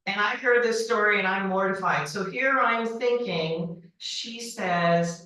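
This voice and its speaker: A woman in her forties giving a humorous storytelling speech at a banquet, acting out the people in her stories with high voices. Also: measured pace. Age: 40s. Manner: animated, acts out dialogue with high-pitched quoted voices. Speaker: banquet speaker. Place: banquet hall. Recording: echoey hall, voice from far off.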